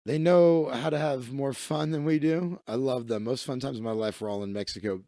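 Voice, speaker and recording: A man's voice: mid-range voice, moderate pace, mellow, no room sound, clean studio sound. A man around thirty, a comedian and magician hosting his own livestream, telling stories in a profane, rambling way. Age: 30s. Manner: profane, rambling, self-interrupting. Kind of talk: casual comedic rant.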